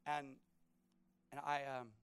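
A middle-aged man preaching a sermon, telling personal stories with animated swings between loud punches and hushed asides. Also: medium pitch, slow pace, clear, resonant tone. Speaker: pastor.

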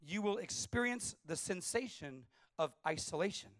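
A middle-aged man preaching a sermon, telling personal stories with animated swings between loud punches and hushed asides. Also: high voice, moderate pace. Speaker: pastor.

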